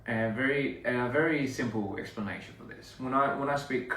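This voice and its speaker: A young man chatting to fans in a relaxed, rambling way, often restarting his sentences. His mid-pitched voice is caught by a phone set back from him in a reverberant room, with a faint hum of ambience behind. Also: moderate pace. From Australia. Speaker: performer talking to fans. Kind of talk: casual livestream chat. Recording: roomy, somewhat distant phone audio.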